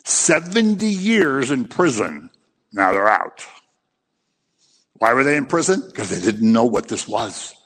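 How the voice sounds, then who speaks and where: A man's voice: mid-range voice, very animated, a little slow, a bit bright. Impassioned preacher man in a reverberant hall. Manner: impassioned, scolding, acts out little scenes. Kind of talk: sermon.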